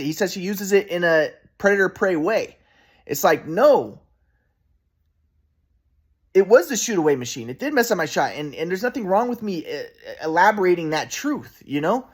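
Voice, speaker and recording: Rambling young man with a lively voice. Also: high voice. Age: 20s. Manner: rambling, repetitive, with restarts. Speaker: vlogger. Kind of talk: rambling personal monologue.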